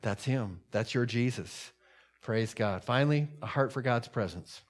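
A male pastor preaching a sermon, his voice swelling with emphasis and then dropping low for solemn points. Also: a little slow.

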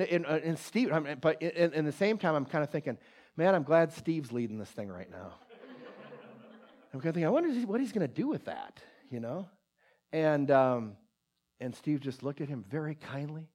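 Conversational preacher man telling a story. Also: fairly high pitch. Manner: conversational, many restarts, drops to a hushed voice for quoted prayer. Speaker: pastor. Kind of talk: sermon with personal story.

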